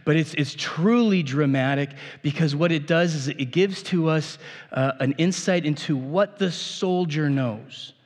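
A man's voice: fairly high pitch, measured pace, big-room sound. A man preaching a sermon as pastor in a casual, conversational way, often restarting his phrases.

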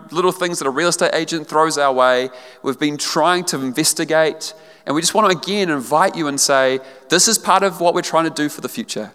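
A man's voice: a little high, fairly bright tone. A man with a New Zealand accent, a pastor giving an earnest, conversational sermon in a school hall. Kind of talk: casual sermon announcements. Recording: long hall reverb.

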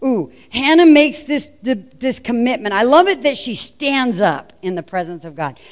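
Woman preaching with lively, storytelling energy. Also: a little high, measured pace. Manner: animated storytelling, acting out the quotes. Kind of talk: sermon.

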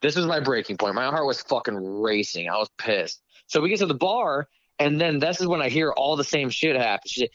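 A man's voice: mid-range voice, brisk, dry recording. A man telling a story in a casual chat, swearing constantly and acting out the people he quotes. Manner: profane, animated storytelling with quoted voices. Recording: dull lo-fi dry sound.

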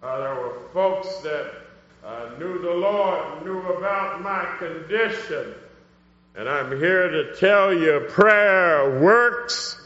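A male preacher delivers a fervent sermon and personal testimony, lingering slowly over each phrase before swelling into emphatic cries. His voice is caught with a dull, muffled tone and carries a long reverberation from the church hall around him. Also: on the high side, animated, sharp tone.

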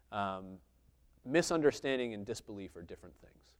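A man's voice: on the low side, moderate pace, fairly bright tone. A man giving a conversational sermon, teaching through a Bible passage and thinking aloud with many filler sounds.

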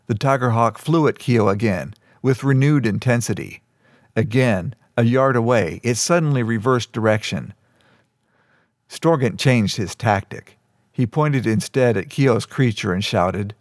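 A male narrator reading a fantasy story aloud, steady and even. His voice sits at a middle pitch. The recording is close and dry, with no room echo. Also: measured pace. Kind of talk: audiobook narration.

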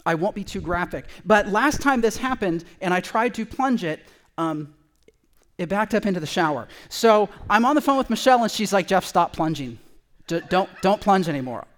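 A middle-aged man, a pastor from California, telling a personal story in a conversational, animated sermon. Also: high voice, normal speed.

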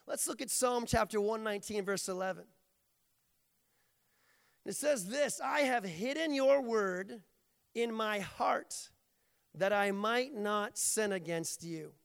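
A man's voice: high-pitched, vocal fry. Man, preacher, sermon, playful jokey delivery, long hall reverb.

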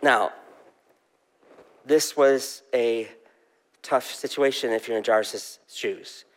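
A man's voice: medium pitch, slow, big-room sound. A male pastor preaching a sermon in a conversational way, asking the congregation questions.

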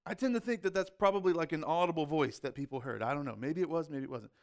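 High-voiced male pastor preaching conversationally. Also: quick pace, darkish tone. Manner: conversational preaching with rhetorical questions and asides. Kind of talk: sermon.

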